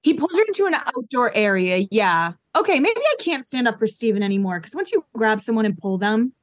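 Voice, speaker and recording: A woman's voice: fairly high pitch, very animated, brisk, no echo, clean studio sound. Matter-of-fact woman in her thirties. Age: 30s. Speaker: podcast guest. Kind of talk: casual chat recapping a reality show.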